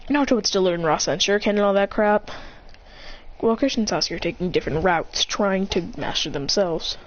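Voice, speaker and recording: A woman's voice: mid-range voice, fairly quick, muffled recording, slight background noise. A woman improvising a fan-fiction story aloud, rambling and correcting herself as she goes.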